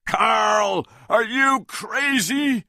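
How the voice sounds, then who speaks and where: A man's voice: extremely high pitch, measured pace, bright, forceful tone, no room sound, clean studio sound, pitched above the performer's own voice, full character voice. A man voicing a protective young hero who gives urgent warnings.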